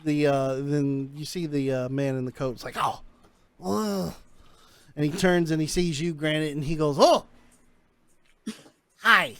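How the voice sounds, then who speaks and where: A man's voice: a little high, flat delivery, moderate pace, hardly any pauses, darkish tone, clear, resonant tone. A man narrating a tabletop game as game master, chatty with many fillers.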